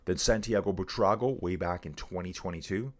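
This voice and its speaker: A middle-aged man with a low, deep voice, chatting his way through live bike race commentary. He talks with an easygoing, energetic buzz and keeps calling his viewers dudes and guys. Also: fairly quick.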